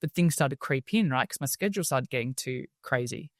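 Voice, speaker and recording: An Australian woman speaking as a podcast guest, telling stories in a lively, chatty way and laughing often. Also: rumbling low, brisk, dry recording, studio quality. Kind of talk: casual interview storytelling.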